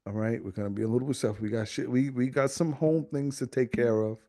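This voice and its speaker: Talking fast over a dry, clean studio recording, a young adult man on a podcast shares a family story. As co-host he's a lively, casual teller who swears freely and does high-voiced impressions of the people quoted.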